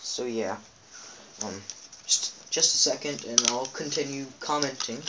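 A man's voice: mid-range voice, unhurried, very noisy. A man giving rambling, chatty commentary on his own gameplay, talking straight to his viewers from a home setup. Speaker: let's play gamer.

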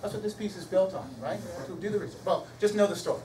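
A middle-aged man speaks as a guest in a storytelling lecture, swinging between loud excitement and quiet, hushed moments. He is picked up from a distance in a roomy, echoing hall. Clear background noise sits under his voice. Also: high-pitched, fast talker. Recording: echoey hall from far off, noisy.

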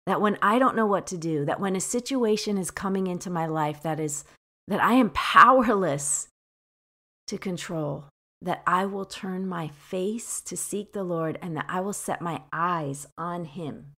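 Woman, devotional podcast host, earnest, reflective, slightly low voice, deliberate scripture reading. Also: sharp tone.

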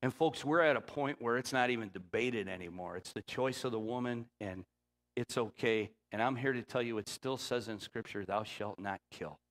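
A middle-aged man delivers a sermon from the pulpit with a mid-pitched voice. He builds to loud, emphatic points and then falls to a low, hushed tone for quoted lines. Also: normal speed. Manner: emphatic preaching with rising, loud peaks; drops to a low, quiet voice when quoting the Spirit. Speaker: pastor.

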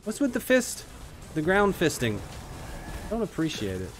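A man giving live commentary while playing an online shooter, excitable and joking, trash-talking his opponents. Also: high-pitched, a little slow. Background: faint background music.

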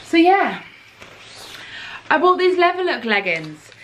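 A woman's voice: high voice, big pitch swings, takes it slowly, a bit bright, slight background noise. A young woman chatting casually to camera in a try-on haul, outspoken and exasperated. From United Kingdom. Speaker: fashion vlogger.

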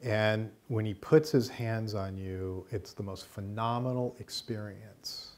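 A middle-aged American man teaching a course, telling an anecdote in a lively way and acting out the voices of the people in it. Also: fairly low pitch, measured pace. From United States. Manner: lively storyteller, acts out the voices in his anecdotes. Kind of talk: storytelling lecture to a class.

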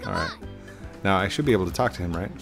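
With rapid-fire speech and lively intonation, a low-voiced man provides casual gameplay commentary. He's chatty, talks to himself as he plays, and keeps restarting his thoughts, all over game music.

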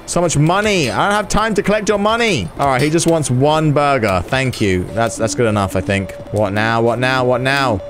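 A man hosting a gaming video, giving excitable let's-play commentary, swearing and yelling in reaction. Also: mid-range voice, moderate pace, hardly any pauses, noisy background.

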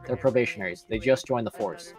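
A man's voice: fairly low pitch, fast, soft background music. A man in a police roleplay, formally explaining a case step by step. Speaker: roleplay player as police officer.

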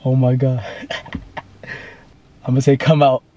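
A man's voice: medium pitch, completely flat delivery, a little slow, warm tone. A man in his late twenties, chatting casually in a prank vlog, laughing through his words in loose slangy talk. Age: late 20s. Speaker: vlogger pranking friends.

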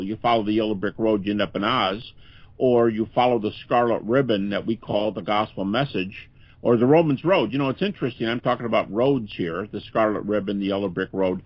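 A man's voice: on the low side, dry recording. An older man, a guest scholar in a podcast interview, speaking earnestly and conversationally with frequent restarts. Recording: dull, lo-fi podcast audio.

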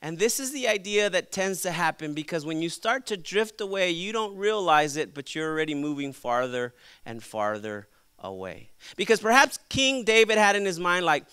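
A man preaching a sermon to young people as their pastor, lively and acting out quoted voices. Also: sits high, normal speed, clear, resonant tone, no room sound. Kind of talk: youth sermon.

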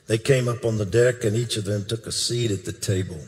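A man's voice: lowish voice, fairly even intonation, brisk, few pauses, darkish tone. An older man preaching a sermon, recounting a dream with emphatic bursts and questions to the crowd. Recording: long hall reverb.

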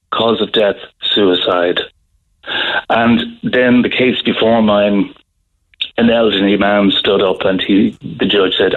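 A middle-aged Irish man telling a story in a radio interview, halting, with many restarts. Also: lowish voice. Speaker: guest author. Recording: phone-line audio.

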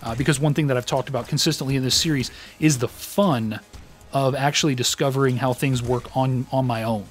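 A man's voice: mid-range voice, steady tone, brisk, soft background music. A man hosting a let's play, commenting on his own gameplay in a rambling, self-deprecating way with lots of fillers.

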